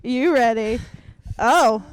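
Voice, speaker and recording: A woman's voice: on the high side, takes it slowly. A woman hosting an open mic show, giggly and rambling, laughing often between lines. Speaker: host.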